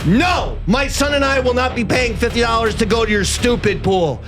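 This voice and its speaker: Man, forties, podcast host, high voice, animated storyteller, shouted rants, music in background. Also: moderate pace, hardly any pauses. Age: 40s. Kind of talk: casual comedic podcast chat.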